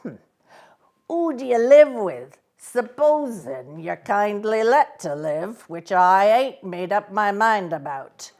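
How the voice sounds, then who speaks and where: A woman reading aloud, voicing a fearsome escaped male convict with a slow, loud, growling menace. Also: mid-range voice, very animated. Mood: menacing.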